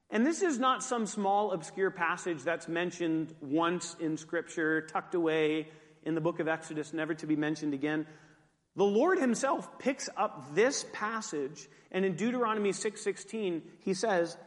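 A man's voice: a little high, normal speed, big-room sound. A man preaching a sermon as pastor, conversational with joking asides.

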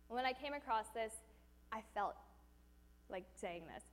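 A woman's voice: mid-range voice, a little slow, long pauses, in a large hall. A woman preaching a sermon, telling a personal story with animation and asking the audience questions.

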